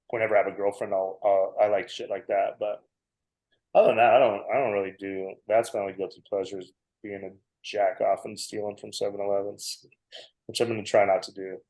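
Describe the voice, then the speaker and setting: A man's voice: on the low side, darkish tone. Man in his forties, comedian guest, rambling and self-mocking, frequent laughs, echoey room. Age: 40s. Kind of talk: casual podcast storytelling. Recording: roomy echo.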